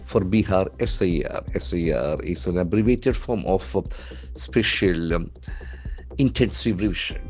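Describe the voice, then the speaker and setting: A man with an Indian English accent teaching English words from a newspaper, spelling them out letter by letter and repeating each word slowly. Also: low-pitched, faint music behind. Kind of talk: newspaper vocabulary lesson.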